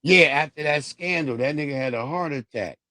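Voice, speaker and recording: A man's voice: fairly high pitch, brisk, pushed and bright, no room sound. Laid-back profane man livestreaming. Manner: loose, profane, laughing storyteller. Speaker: livestream host. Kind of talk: casual livestream commentary.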